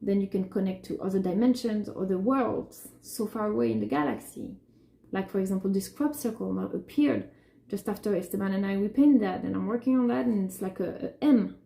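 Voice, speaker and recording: A woman with a medium-pitched, gravelly, mellow voice talks fairly quickly in a reverberant space. An artist, she delivers an unscripted, rambling, emotional monologue about her artwork and her feelings, restarting often.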